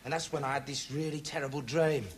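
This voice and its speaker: An actor playing a dim, bumbling young male reporter who talks straight to camera in a deadpan, rambling way, full of "like" and "you know". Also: fairly high pitch, quick pace, lightly acted. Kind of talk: comic monologue to camera. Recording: noisy TV studio with audience laughter.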